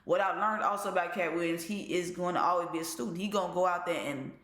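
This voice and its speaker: A man's voice: sits high, steady tone, fast, a bit bright, reverberant. A man casually commenting on a clip for a reaction video, laid-back and slangy.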